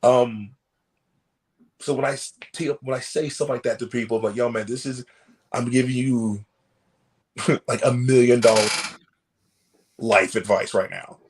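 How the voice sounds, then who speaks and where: A man with a husky, breathy voice tells stories on a casual podcast. He is animated, laughs often, acts out the people he quotes and swears freely. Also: medium pitch, a little slow, pauses often. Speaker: professional wrestler guest.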